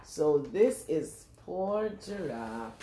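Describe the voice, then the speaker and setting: A woman reading a picture book aloud to young children in a lively sing-song way, stopping often to ask them questions. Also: deep voice, drawn-out words, reverberant, a little hiss or hum. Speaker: children's storyteller.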